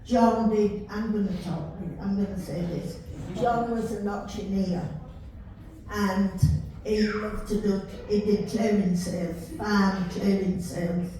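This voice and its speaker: An older woman with a Yorkshire accent, chatting warmly as she tells stories from her life. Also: mid-range voice, fairly even intonation, takes it slowly. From Yorkshire, England. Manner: chatty, warm storytelling with laughs. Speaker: storyteller recalling her life. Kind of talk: casual reminiscing. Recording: roomy, distant mic with faint hiss.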